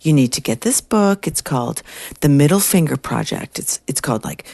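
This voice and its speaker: A woman's voice: very deep voice, expressive, vocal fry, a little mellow, dry recording, heavily acted. A woman voicing a bossy older woman pushing self-help advice, in a whispered role-play recorded on a phone. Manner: brisk, pushy advice-giving.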